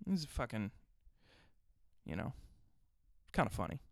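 A man's voice: mid-range voice, very animated, unhurried, gravelly, dry recording, clean studio sound. A man hosting his own podcast, riffing crudely and profanely in a rambling solo rant. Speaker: podcast host.

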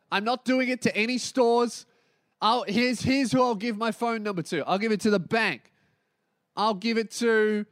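An Australian man on a podcast, going off in a swearing, comic rant with a fairly high voice. He rattles off mocking impressions of other people mid-story, and the sound is dry and close, with no room around it. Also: fairly bright tone, no room sound. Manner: ranting, swearing, mimicking others in quick asides. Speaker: podcast host. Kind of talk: profane comedic rant.

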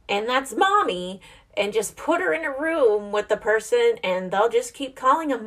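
A young woman and mother, chatting casually and rambling a little, reflective and quick to laugh. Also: on the high side, animated. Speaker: mother vlogger. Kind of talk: casual chat.

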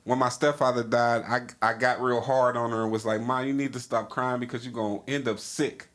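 A man's voice: medium pitch, flat delivery, a little fast, fairly bright tone. Podcast host, man, AAVE slang, candid, rambling, casual chat.

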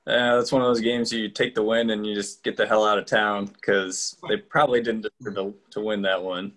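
Low-voiced hedging sports podcast co-host. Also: male voice, level tone, fairly bright tone. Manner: measured, hedging, filler-heavy. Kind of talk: casual sports talk.

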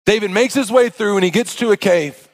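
A man preaching a sermon as pastor, impassioned, with stammering restarts and swings from hushed to loud. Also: high voice, brisk.

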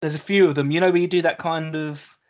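Wry British man, slightly high voice, lo-fi. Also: fairly even intonation, quick pace. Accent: British English. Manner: dry wry humour, swears casually. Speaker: podcast co-host. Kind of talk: casual chat. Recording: dull lo-fi sound.

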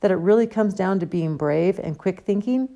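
An earnest, clever teenage girl reasons her case step by step, voiced by a woman reading a storybook. The voice lifts a little above the narration but keeps a dark, gravelly texture. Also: medium pitch, moderate pace, natural voice. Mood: reasoning.

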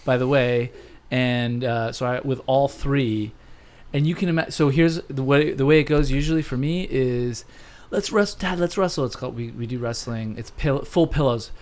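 A man's voice: mid-range voice, steady tone, a little mellow. A man co-hosting a podcast in casual chat, agreeing often and joking back and forth. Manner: quick to agree and banter, joking. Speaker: podcast co-host.

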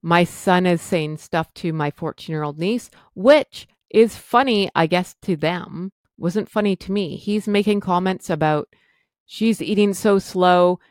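A woman's voice: fairly low pitch, unhurried, hardly any pauses, darkish tone, no room sound. A middle-aged woman from Canada hosting a podcast, telling a personal story in a candid, self-deprecating, exasperated way. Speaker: podcast host.

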